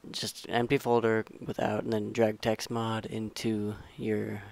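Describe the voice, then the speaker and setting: Low flat-voiced young man explaining. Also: a little slow, vocal fry. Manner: rambling, self-correcting, relaxed instructions. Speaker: tutorial maker. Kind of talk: casual screen-recorded game tutorial.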